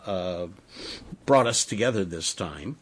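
A middle-aged man hosting a radio interview, talking in a rambling, halting way with many fillers. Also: deep voice, expressive, a little hiss or hum. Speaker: radio host.

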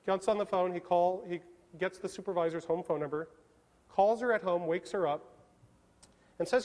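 Guy from southern california spinning a story on stage, higher voice, acts out the back-and-forth, big hall echo. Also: moderate pace, pauses often. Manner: animated storyteller acting out dialogue with laughs. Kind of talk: storytelling talk. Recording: long reverb of a large hall.

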